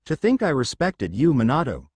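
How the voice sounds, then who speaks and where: A man's voice: mid-range voice, wildly swooping pitch, normal speed, husky, dry recording. A man reading the lines of a furious, defiant young female ninja in a storybook, with a seething, insulting manner. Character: furious young kunoichi, sharp-tongued and defiant.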